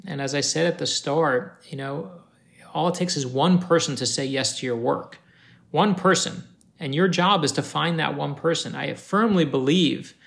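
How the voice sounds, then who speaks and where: A man's voice: a little high, vocal fry. A man from Florida, an author being interviewed, giving emphatic advice, repeating key phrases for punch and acting out the dialogue in his stories. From North Miami Beach, Florida. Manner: animated storyteller acting out dialogue. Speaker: author guest. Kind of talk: motivational interview talk.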